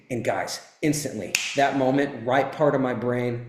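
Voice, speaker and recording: A man's voice: mid-range voice, fairly even intonation, moderate pace, roomy sound, background noise. A man in his thirties giving an intense, emphatic motivational talk, telling a personal story and swearing freely. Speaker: motivational speaker.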